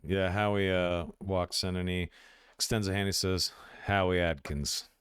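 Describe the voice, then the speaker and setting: A man running a tabletop role-playing game as game master, narrating scenes and voicing characters in a relaxed, hesitant way. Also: low-pitched, moderate pace, clear, resonant tone, dry recording. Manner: relaxed, hesitant storyteller with many fillers.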